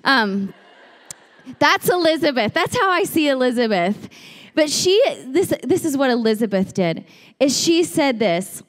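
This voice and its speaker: A woman preaching a sermon in a church, lively and animated, often breaking into shouts and acted-out quotes. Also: high-pitched, measured pace. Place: church sanctuary. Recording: long hall reverb.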